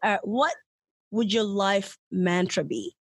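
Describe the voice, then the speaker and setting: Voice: mid-range voice, measured pace, husky, no room sound. Playful interview co-host. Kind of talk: interview hosting.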